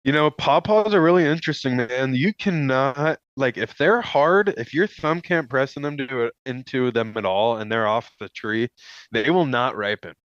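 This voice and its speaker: A laid-back man chats as a podcast co-host, enthusiastic and easygoing. His voice is smooth and of middle pitch. The recording is dry and slightly dull, lacking crisp highs. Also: normal speed, no echo. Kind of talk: casual chat.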